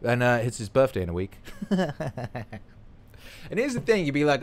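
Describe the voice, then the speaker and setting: A man's voice: mid-range voice, wildly swooping pitch, moderate pace, long pauses. A man hosting a livestream, reading out viewer comments in a rambling, playful, profane chat. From United Kingdom. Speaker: livestream host.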